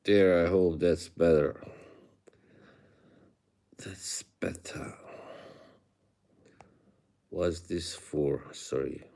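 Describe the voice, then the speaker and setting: A man with a Bosnian accent and a very low voice, talking slowly and easily as he answers viewers on a livestream. He chuckles often and lets his sentences trail off. He speaks into a phone held close to his face. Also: steady tone, creaky, mellow. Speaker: livestream host.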